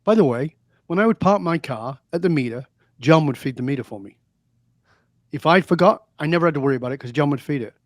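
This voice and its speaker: A man's voice: fairly high pitch, expressive, fast, no echo, studio quality. A man, a guest in an interview, telling stories and making points in an emphatic, preachy way. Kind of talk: interview conversation.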